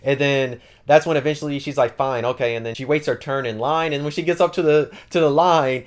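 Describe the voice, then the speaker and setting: A man's voice: on the high side, steady tone, fairly quick. A man hosting an anime channel, recapping a story in a casual, rambling, slangy way. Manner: rambling, slangy, lots of fillers.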